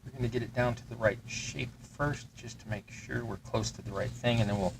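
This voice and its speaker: A man's voice: mid-range voice, fairly quick, gravelly, noisy background. A man hosting a crafting livestream, casually narrating each step of his work as he thinks aloud at his workbench. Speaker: host of a terrain-crafting livestream.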